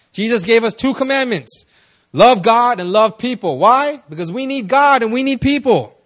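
A young man preaching at a prayer meeting, telling stories in a loose, conversational way, often laughing and jumping up in excitement. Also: fairly high pitch. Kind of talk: casual sermon with storytelling.

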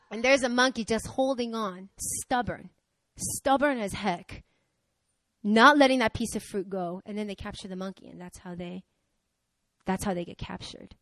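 Delivering a sermon with energy and a conversational feel, a young woman moves from loud urging to hushed asides. Her voice is a little high, and there's slight noise in the background.

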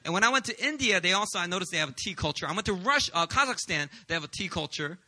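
A man in his thirties preaching a sermon as a pastor, telling lively, joking stories. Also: high-pitched, racing. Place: church service.

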